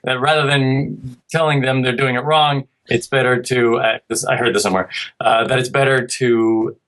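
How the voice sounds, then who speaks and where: A man's voice: medium pitch, fairly even intonation, moderate pace, a bit bright, poor audio. A man in his thirties, a podcast guest, talking in a rambling, self-interrupting way and now and then mimicking a child's speech. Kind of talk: casual podcast chat.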